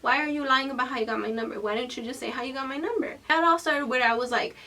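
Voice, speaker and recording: A woman in her twenties telling a story from her own life in a vlog. She is animated and profane, and she swings between loud bursts and hushed whispered asides. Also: sits high, quick pace, few pauses, recorded from a distance. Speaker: vlogger.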